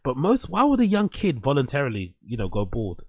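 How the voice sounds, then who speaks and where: A man casually commentating on clips he is watching, profane and animated, talking back at them. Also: mid-range voice, fairly quick, no echo. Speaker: streamer reacting to clips.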